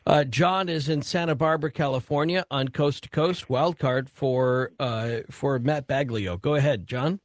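A man hosting a late-night call-in radio talk show, chatty and quick to jump in. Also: medium pitch, no room sound, studio quality. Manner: relaxed, chatty, quick to interject. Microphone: studio microphone.

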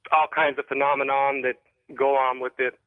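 A man's voice: mid-range voice, flat delivery, normal speed, smooth, no echo. A man calling in to a radio show and telling a rambling story, hesitating often with ums and restarts. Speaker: caller. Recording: phone line.

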